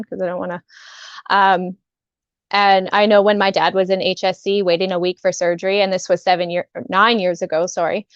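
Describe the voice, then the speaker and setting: A woman's voice: fairly low pitch, clean tone, no echo. Woman guest telling a hard story. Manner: emotional, halting, many restarts. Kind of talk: personal story on a talk show. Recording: dull dry sound.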